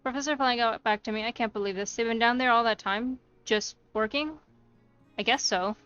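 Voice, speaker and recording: A woman's voice: on the high side, fairly quick, fairly bright tone, clear, resonant tone, dull audio, lightly acted. A woman reading a flustered, chatty young bride-to-be from a game. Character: nervous young bride-to-be planning a DIY wedding. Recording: faint music behind.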